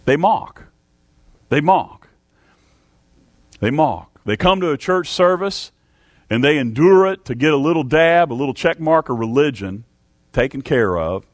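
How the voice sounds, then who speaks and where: A man preaching a sermon to a church congregation, fervent, with big swings in pitch and loudness. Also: lively intonation, moderate pace, no echo, studio quality. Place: church service.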